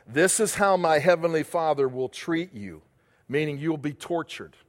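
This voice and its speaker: A man's voice: on the high side, lively intonation, moderate pace, in a large hall. A male pastor preaching a sermon, asking the congregation questions and answering them himself.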